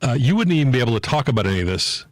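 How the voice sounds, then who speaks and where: A man's voice: medium pitch, big pitch swings, very fast, dry recording, low-quality recording. A man hosting a radio talk show, interviewing a guest in an encouraging, conversational way. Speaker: fill-in radio host.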